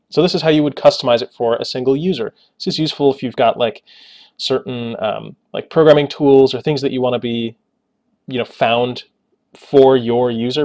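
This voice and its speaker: A man's voice: medium pitch, darkish tone. Man explaining a terminal tutorial. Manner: casual, explanatory, joking asides. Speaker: Linux tutorial host. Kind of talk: screencast tutorial narration.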